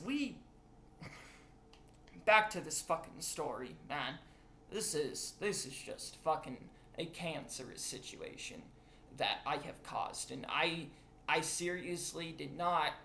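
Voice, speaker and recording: A young man talks slowly through a confessional rant, rambling and swearing as the feeling spills over. His voice is bright and edged. The room around him echoes. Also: high-pitched. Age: young adult. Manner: rambling, profane, emotional. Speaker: vlogger.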